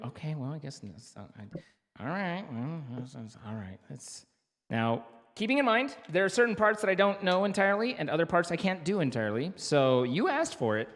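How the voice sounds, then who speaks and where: A man's voice: a little high, lively intonation, normal speed, fairly bright tone. Rambling streamer man in a reverberant room. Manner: rambling, stammering restarts. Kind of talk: casual live-stream chat.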